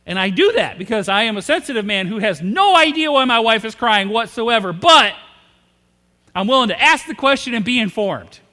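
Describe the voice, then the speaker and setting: In a church sanctuary that gives his voice a long, ringing reverb, a male pastor with a very high, bright voice preaches a funny, story-driven sermon. He's animated at a moderate pace, asks the congregation questions and acts out the characters he quotes.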